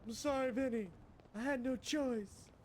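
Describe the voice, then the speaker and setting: Man putting on a whiny high-pitched pleading traitor. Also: a little slow, a little hiss or hum. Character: melodramatic male betrayer pleading with a friend.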